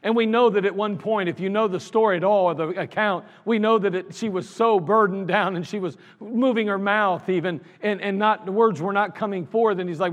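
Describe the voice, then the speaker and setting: A pastor with a high voice preaches a sermon a little fast, with few pauses. He's earnest and conversational, repeats himself a lot, and the recording carries the long reverb of a large hall.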